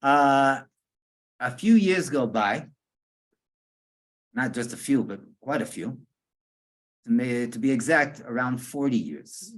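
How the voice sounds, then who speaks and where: Lively rabbi telling a story. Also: male voice, mid-range voice, slow pace, long pauses. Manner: animated, chuckles often, repeats words while searching. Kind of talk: storytelling to a small group.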